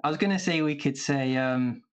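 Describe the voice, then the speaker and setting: Relaxed Welsh man explaining. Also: fairly high pitch, normal speed. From Wales. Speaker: podcast co-host. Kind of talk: casual livestream chat.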